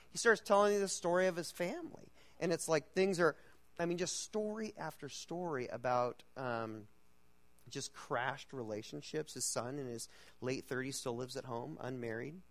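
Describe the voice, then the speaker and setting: A man preaching to an audience, telling a personal story in a loose, halting way with many fillers and restarts. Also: mid-range voice.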